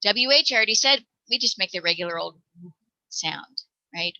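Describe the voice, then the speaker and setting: A woman presenting a phonics lesson for parents, encouraging and demonstrating each sound out loud. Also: mid-range voice, animated, normal speed, dry recording, poor audio. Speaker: teacher presenting a parent workshop.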